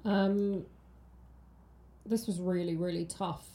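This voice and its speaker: A woman's voice: lowish voice, fairly even intonation, takes it slowly, warm tone. A woman, co-hosting a casual film podcast and chatting with many ums and restarts. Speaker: podcast co-host. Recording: roomy echo.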